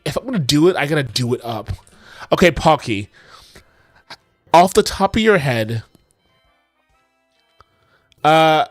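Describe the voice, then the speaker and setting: A man's voice: a little high, no room sound. A man streaming his game coding in casual talk, exasperated, swearing often and talking to his chat.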